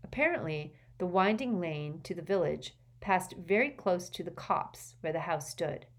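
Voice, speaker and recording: A woman with a low voice narrates a novel. Her reading is measured and expressive. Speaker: audiobook narrator. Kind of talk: audiobook narration.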